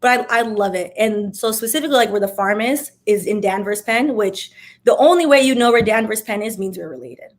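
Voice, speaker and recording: A young woman from Miami talks through viewer questions in a loose, chatty vlog. Her voice sits at an ordinary middle pitch. She keeps things sassy, dropping wry little asides as she goes. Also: expressive, a little fast. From Miami, USA. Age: young adult. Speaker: vlogger answering viewer questions. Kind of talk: casual Q&A chat.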